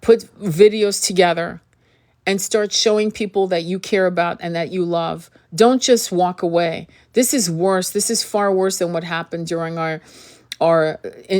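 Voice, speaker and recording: A woman's voice: on the low side, measured pace, a little mellow. A woman host talking straight to the viewer in an impassioned monologue. She is earnest and pleading, repeats and restarts her words, asks direct questions, and breaks off now and then to cough from an irritated throat. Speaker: spiritual reader and channel host.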